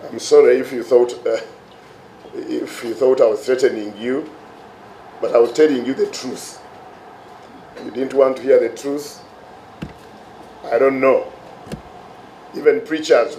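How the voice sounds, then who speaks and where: Stern hoarse Ugandan man, echoey room. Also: medium pitch, darkish tone, slight background noise. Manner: stern, emphatic, with repeated words. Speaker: head of a regulatory agency. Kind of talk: press briefing.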